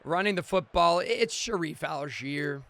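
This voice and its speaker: High, bright-voiced hyped young man. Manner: bursts into loud excited shouts, fast recaps. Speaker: gaming streamer. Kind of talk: hyped play-by-play game commentary.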